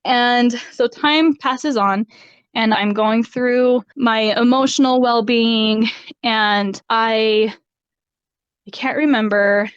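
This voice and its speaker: Woman, podcast guest, fairly high smooth voice, candid and laughing, dry close-mic sound. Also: steady tone, takes it slowly, no echo. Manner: candid, laughs often between phrases. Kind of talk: personal story in an interview. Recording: slightly dull dry sound.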